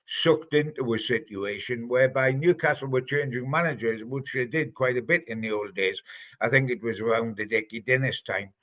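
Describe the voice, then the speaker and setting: An older man from North East England with a Geordie accent speaks in a mid-range, fairly bright voice, the highs cut off. As a football pundit answering listener questions on a fan podcast, he chats casually and reminisces fondly through rambling anecdotes.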